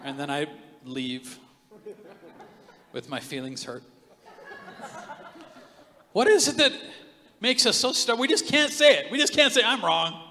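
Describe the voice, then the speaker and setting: A man preaching a sermon as pastor of his church, joking and telling stories, with big swings from loud outbursts to hushed asides. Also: high voice, measured pace, pauses often. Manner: animated, joking storyteller with big swings in loudness. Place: large church hall. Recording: long hall reverb.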